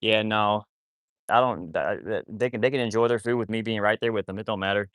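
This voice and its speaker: A man's voice: fairly low pitch, a little fast, fairly bright tone, no room sound, studio quality. A man talking casually to livestream viewers while working with his dogs, rambling and often restarting his sentences. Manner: rambling, repeats himself, trails off mid-sentence; soothing, cooing talk to his dogs. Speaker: wolfdog rescuer livestreaming. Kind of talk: casual live-stream talk to viewers.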